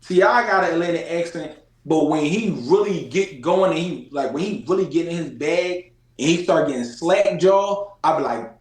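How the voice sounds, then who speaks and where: High-voiced Philadelphia man in an echoey room. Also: normal speed. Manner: slangy, emphatic, repeats his points. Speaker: podcast host. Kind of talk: casual chat.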